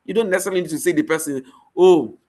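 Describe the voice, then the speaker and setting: A man's voice: on the high side, rapid-fire, darkish tone. A man speaking as a facilitator at a leadership summit, giving a motivational talk. He is emphatic, repeats his key lines and often checks in with the audience by asking "right?".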